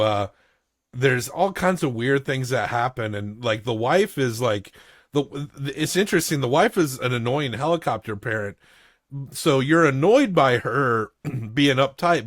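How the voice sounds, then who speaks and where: A man's voice: mid-range voice, animated, unhurried, no echo, studio quality. A man co-hosting a podcast, recapping a film plot in casual chat with wry asides. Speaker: podcast co-host. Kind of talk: casual movie review chat.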